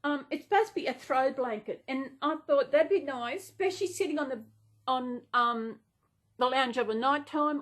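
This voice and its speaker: A woman talking off the cuff to her vlog audience. Her voice sits a little high, and she rambles and gushes, gasping and restarting her sentences. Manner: rambling, gushing with many gasps and restarts. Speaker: vlogger. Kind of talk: casual unplanned chat.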